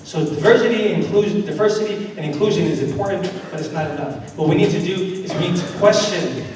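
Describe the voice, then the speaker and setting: A man's voice: high voice, fast talker, a little mellow. A man giving a conference talk, telling a story in an earnest, conversational way with many fillers and then building to rhetorical questions. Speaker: invited speaker and educator. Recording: echoey hall from far off.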